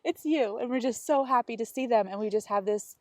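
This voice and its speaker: A woman's voice: fairly high pitch, steady tone, quick pace, a little mellow, no echo, clean studio sound. A woman co-hosting a podcast, telling stories in casual chat and acting out quotes as she goes. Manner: storytelling with acted quotes and laughter. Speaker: podcast co-host.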